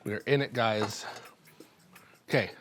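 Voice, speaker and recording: A young man hosting a cooking show, rambling and joking excitedly as he cooks and tastes in a studio kitchen. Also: fairly low pitch, unhurried, background noise. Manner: hyped, rambling, joking, laughing between lines. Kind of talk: casual on-camera cooking chatter.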